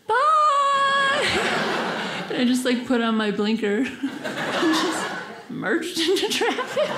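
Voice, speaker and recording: A woman's voice: on the high side, noisy background. A young woman telling a stand-up story in a giggly, bubbly way, acting out the voices of the people in it. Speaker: stand-up comedian. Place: comedy club stage. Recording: roomy club sound with audience.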